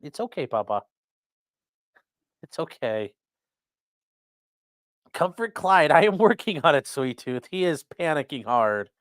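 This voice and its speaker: A little slow and pausing often, the streamer's mid-range voice is recorded cleanly in studio quality without echo. Indoors at home, they chat casually, reading viewers' comments, cursing, rambling in an animated way, and comforting their dog between remarks.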